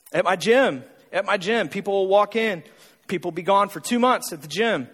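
A man's voice: high voice, normal speed, fairly bright tone, slightly rough, in a large hall. A male pastor preaching a sermon, pressing his point with repeated lines and rhetorical questions.

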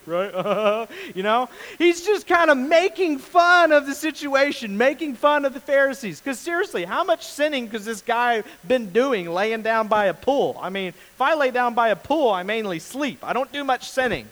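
A man's voice: very high-pitched, normal speed, few pauses, poor audio. A male pastor giving a casual, jokey sermon, acting out the people in the story. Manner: animated storyteller, acts out voices, jokey.

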